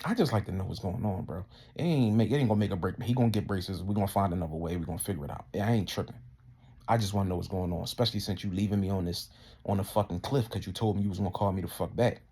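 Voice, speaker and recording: A man's voice: low voice, very fast, warm tone, slightly rough. A man ranting heatedly and indignantly, full of profanity, his voice climbing as he gets worked up. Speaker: vlogger. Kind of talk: casual profane rant to camera.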